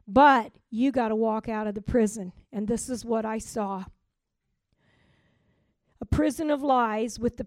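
A woman preaching a sermon, swinging from loud emphatic declarations to soft, almost whispered asides. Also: a little high, no echo.

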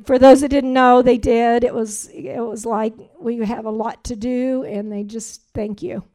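A middle-aged woman giving a heartfelt church testimony and spoken prayer, earnest and rambling, growing animated as she gives thanks. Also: unhurried. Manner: earnest, rambling, grows animated and rises in pitch when praising.

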